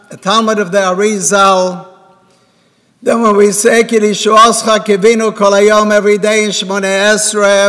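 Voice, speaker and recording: A man's voice: high-pitched, fairly bright tone. A man giving a sermon at a synagogue, telling a parable and voicing the characters' words himself. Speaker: rabbi giving a talk. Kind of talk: sermon with storytelling. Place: synagogue hall. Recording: reverberant hall.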